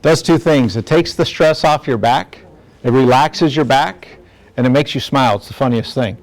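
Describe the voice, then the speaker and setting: A man's voice: mid-range voice, moderate pace. A middle-aged man from the district attorney's office giving a community talk to parents, earnest and conversational, often checking in with "right?".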